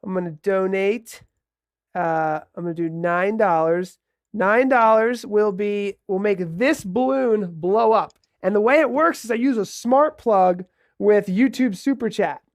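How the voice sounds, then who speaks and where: A man's voice: sits high, a little slow, no echo, studio quality. A man hosting a live charity stream, casually walking viewers through his tech setup. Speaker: host. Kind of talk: live stream host wrap-up. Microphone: video call.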